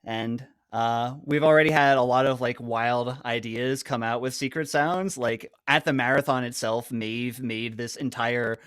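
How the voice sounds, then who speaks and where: A man's voice: mid-range voice, steady tone, unhurried, few pauses, fairly bright tone, clean tone, no room sound, clean studio sound. A man on a marathon team, explaining with many fillers in a casual panel Q&A.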